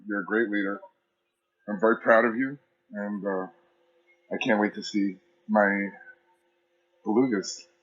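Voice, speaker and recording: A man in casual voice chat who praises a friend with enthusiastic, rambling warmth. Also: lowish voice, steady tone, measured pace, long pauses, highs cut off. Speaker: community member.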